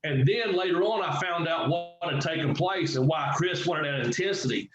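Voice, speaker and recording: A middle-aged former wrestler telling a story in a casual interview, animated and swearing freely as he acts out what others said. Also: on the high side, normal speed. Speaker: guest, former pro wrestler. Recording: echoey, dull, slightly noisy audio.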